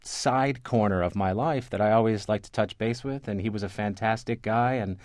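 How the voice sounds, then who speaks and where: Low-voiced man telling stories, halting. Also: a little mellow, no room sound, clean studio sound. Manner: rambling, many restarts and fillers. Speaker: guest, newspaper reporter. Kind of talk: conversational interview storytelling.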